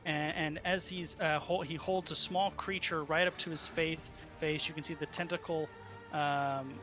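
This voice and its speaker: A man narrating as dungeon master, halting often with ums and uhs. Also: a little high, fairly even intonation, bright, forceful tone, soft background music. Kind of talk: narrating a tabletop game.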